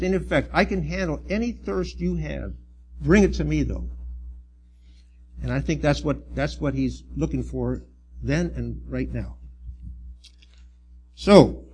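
A middle-aged man preaching a sermon as a church elder, earnest and halting, circling back over his words before pushing them out with emphasis. His voice is gravelly and somewhat husky, sitting a little high for a man. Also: a little mellow.

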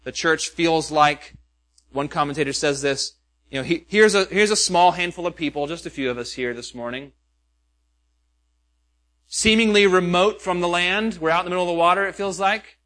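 A man's voice: on the high side, normal speed, a bit bright. A pastor preaching a sermon, earnest and questioning, with many rhetorical questions to his listeners.

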